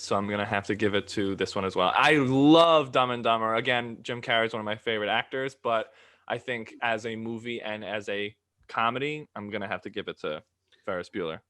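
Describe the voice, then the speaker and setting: Relaxed New man, dry sound. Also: on the low side, no echo. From New York. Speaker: podcast co-host. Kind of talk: casual chat.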